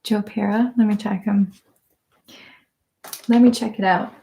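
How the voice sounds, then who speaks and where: A woman hosting an ASMR live stream in casual chat with her viewers. She is soft-spoken, often drifts into whispers and laughs a lot. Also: mid-range voice, steady tone, unhurried, creaky. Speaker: ASMR channel host.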